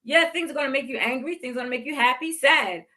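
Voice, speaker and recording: A woman's voice: high voice, fast talker, sharp tone. A woman in her fifties hosting a podcast, giving heartfelt motivational faith talk and repeating phrases for emphasis. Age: 50s. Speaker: podcast host.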